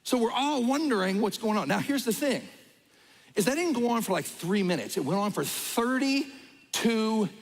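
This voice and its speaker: A middle-aged man, a pastor telling a lively personal story in a sermon and acting out the voices in it. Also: sits high, normal speed, in a large hall, low-quality recording. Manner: animated storyteller, acts out voices.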